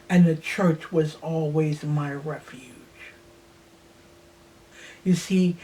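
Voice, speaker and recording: A woman in her sixties slowly telling a personal childhood memory in a reflective way, sometimes dropping to a near-whisper. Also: deep voice. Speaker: host. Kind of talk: personal storytelling.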